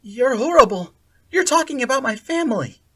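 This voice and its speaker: A narrator voicing a frightened, furious kidnapped young girl who shouts with a cracking voice. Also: high voice, very animated, moderate pace, husky, distant mic, pitched above the performer's own voice, heavily acted. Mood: frantic angry.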